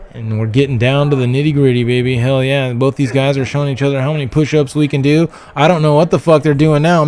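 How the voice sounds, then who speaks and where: A man hosting a livestream, giving excited, profane play-by-play wrestling commentary with loud calls. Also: a little high, slight background noise. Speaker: livestream host.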